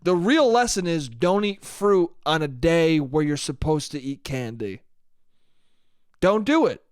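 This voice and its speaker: A man's voice: fairly high pitch, very animated, a little slow, clean tone, no room sound, clean studio sound. A young man hosting a solo podcast, rambling through a profane comedic monologue and laughing at his own jokes. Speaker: podcast host.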